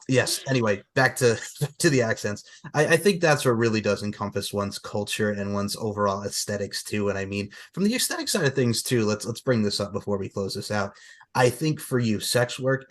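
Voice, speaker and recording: A man hosting a podcast, talking energetically and at length, with a lively, enthusiastic manner as he addresses his guest and the audience. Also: fairly low pitch. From New York. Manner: fast, animated, talkative. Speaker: podcast host. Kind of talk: casual interview chat.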